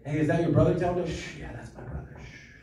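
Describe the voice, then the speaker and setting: A man's voice: a little high, fairly even intonation, fast, warm tone. A man in his thirties doing a stand-up comedy set, wry and self-deprecating with mumbled asides. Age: 30s. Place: comedy club stage. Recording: echoey club, recorded from far. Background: audience laughter.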